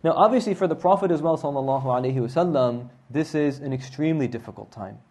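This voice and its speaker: Telling the story in a relaxed, conversational manner, a man leads a religious lesson and keeps tossing out a quick "right?" to his listeners. His voice is medium in pitch and a little mellow.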